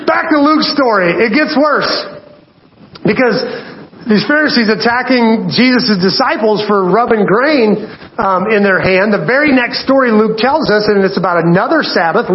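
A man's voice: sits high, echoey room, a little hiss or hum. A man preaching a casual sermon, conversational and joking, often breaking off with fillers. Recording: dull lo-fi sound.

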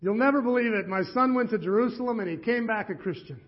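A moping, sighing village father, as a male pastor puts him on, lamenting with a Yiddish-tinged accent. The voice is pitched high for a man. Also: quick pace, dull audio. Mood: despairing. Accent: Yiddish-inflected put-on accent. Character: moping middle-aged Jewish father.

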